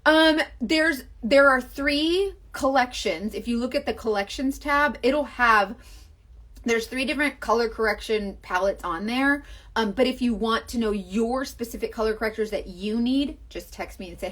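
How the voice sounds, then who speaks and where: A woman's voice: mid-range voice, moderate pace, a bit bright. A young Southern American woman with a Southern accent, chatting on a makeup livestream in a gushing, rambling way, full of fillers. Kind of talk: casual livestream chat and makeup demo.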